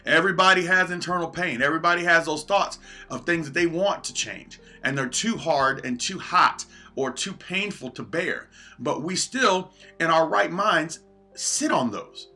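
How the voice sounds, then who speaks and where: A man's voice: on the high side, moderate pace, sharp tone, soft background music. A man giving an earnest motivational talk on a livestream, shifting his pace often. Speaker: motivational speaker.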